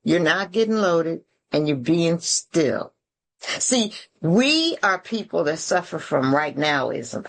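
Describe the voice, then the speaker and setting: At a recovery meeting joined by video call, an Atlanta woman talks slowly in a medium-pitched voice with lively intonation. She's blunt and preachy, earthy in tone, peppering her words with folksy slang and curses.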